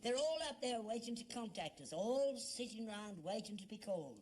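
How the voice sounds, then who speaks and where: This is 1970s British sitcom acting: an older man with a London Cockney accent as an elderly, earnest, stubbornly defensive father. His high voice is expressive and a little mellow, delivered at normal speed.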